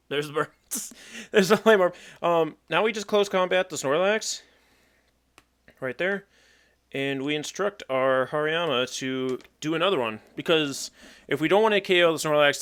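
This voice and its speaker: Bright-voiced young man commentating a game. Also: a little high. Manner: chatty, self-mocking, thinks aloud. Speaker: gaming YouTuber. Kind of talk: casual Pokemon battle commentary.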